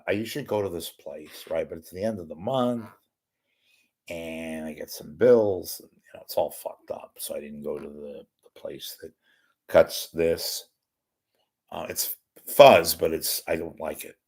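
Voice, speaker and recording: Male live-show host, very low voice, rambling and self-interrupting, deadpan wisecracks. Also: measured pace. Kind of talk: rambling live solo talk.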